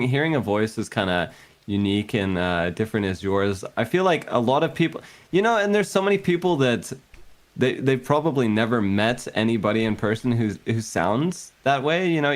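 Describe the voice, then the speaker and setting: A man's voice: medium pitch, big pitch swings, moderate pace. A man chatting casually as a guest, rambling with many fillers, on a close desk mic. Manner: warm, rambling and full of fillers. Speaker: guest streamer. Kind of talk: casual chat.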